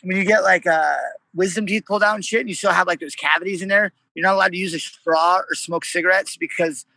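A man from San Jose, a touring musician, talking in a brash, animated way and swearing constantly. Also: sits high, quick pace, creaky, no room sound, rough recording. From San Jose, California. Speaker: musician guest. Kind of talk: casual chat.

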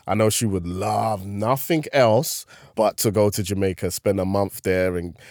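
A comedian chatting casually as a podcast guest, telling animated stories and laughing often. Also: male voice, fairly low pitch, a little slow, dry recording, clean studio sound.

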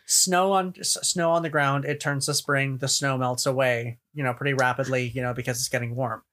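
A man's voice: medium pitch, fairly even intonation, a little fast, a bit bright. Rambling man musing aloud. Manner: rambling, full of fillers and restarts, musing. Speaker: podcast co-host. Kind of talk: casual fan discussion.

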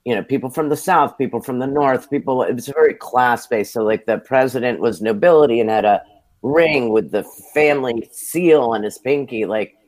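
An American television producer sits for a relaxed interview, speaking at an ordinary mid-range pitch and a moderate pace. He tells stories from his career with lively, self-deprecating humor, building each anecdote in an easy conversational flow.

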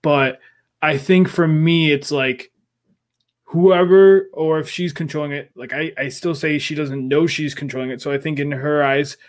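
A man co-hosting a podcast, talking in a casual recap chat and theorizing with excitement. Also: a little high, moderate pace. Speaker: podcast co-host.

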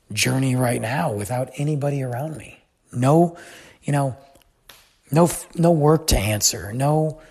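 A man hosting a podcast, telling a travel story in a chatty, animated way. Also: mid-range voice, creaky, husky. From United States. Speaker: podcast host. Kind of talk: casual storytelling.

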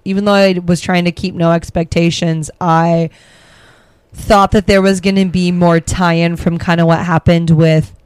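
A woman's voice: on the low side, flat delivery, a little slow, darkish tone, clear, resonant tone, dry recording. A woman co-hosting a casual movie podcast, talking hesitantly and searching for words. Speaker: podcast co-host. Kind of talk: casual movie review chat.

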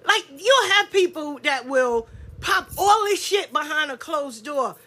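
A woman's voice: sits high, animated, unhurried, pushed and bright. A woman, hosting a solo podcast and ranting bluntly and profanely, acting out other people's voices. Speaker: podcast host. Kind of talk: casual solo podcast rant.

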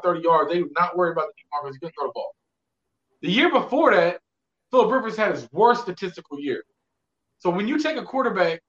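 High bright voice dude on a sports podcast, slangy, echoey room, lo-fi. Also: male voice. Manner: animated storytelling with slang and cursing. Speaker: podcast co-host. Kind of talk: casual sports talk.

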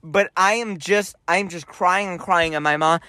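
A man's voice: high-pitched, moderate pace, no echo, clean studio sound. A man co-hosting a podcast, telling a family story in casual chat and acting out relatives' lines in quoted voices. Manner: animated, acts out family members in quoted voices. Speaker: podcast co-host.

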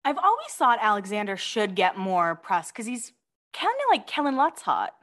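A woman's voice: mid-range voice, very animated, normal speed, a bit bright. A woman co-hosting a podcast, chatting casually and reading out celebrity gossip items with gushing asides. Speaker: podcast co-host.

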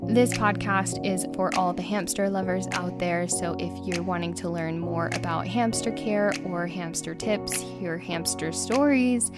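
A woman's voice: on the low side, fairly even intonation, measured pace, hardly any pauses, over loud music. A woman hosting her own podcast about pet care, talking in a chatty, upbeat way with small restarts. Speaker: podcast host. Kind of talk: casual solo podcast talk.

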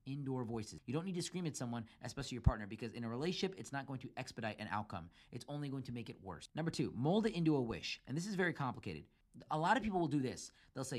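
Fast-talking man giving relationship advice. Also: mid-range voice, big pitch swings. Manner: emphatic, acts out quoted arguments in a raised voice; lays out numbered steps. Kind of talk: solo advice talk.

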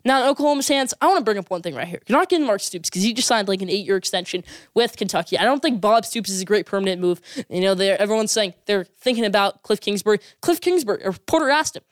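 This female sports vlogger rattles off rapid college football opinions in a mid-range voice with lively intonation. She stresses each point emphatically and says things again for effect, and the audio sounds close and dry without any echo.

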